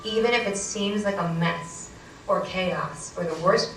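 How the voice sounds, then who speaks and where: A woman voicing a psychic medium friend, speaking in a calm, reassuring, coaching way. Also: lowish voice, measured pace, a little hiss or hum. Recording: roomy hall, distant mic, faint ambience.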